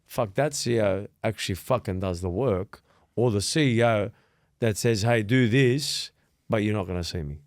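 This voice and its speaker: A man's voice: on the low side, normal speed, dry recording, studio quality. A man, host of a casual podcast chat, telling stories with lots of swearing and acted-out dialogue. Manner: animated storytelling, heavy swearing, acts out quoted dialogue.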